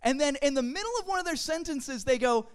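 A young adult telling a funny story to a church group, in a chatty, animated way with casual fillers. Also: high-pitched, fast. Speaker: speaker at a church youth gathering. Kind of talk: humorous storytelling talk to a group.

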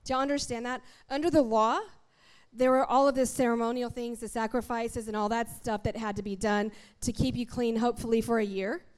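A woman preaching a sermon in a church, talking straight to the congregation in an animated, conversational way. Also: on the high side, a little fast, smooth.

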